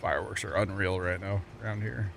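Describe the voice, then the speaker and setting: A man from the States with a fairly low voice talks loosely to his chat while he plays, drifting from topic to topic. He cracks puns, laughs at them himself, and keeps a relaxed, easygoing flow over a faint hiss in the background. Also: brisk, vocal fry. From United States. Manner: rambling, jokey, laughs often at his own puns. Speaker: livestreamer. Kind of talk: casual chat with viewers while gaming.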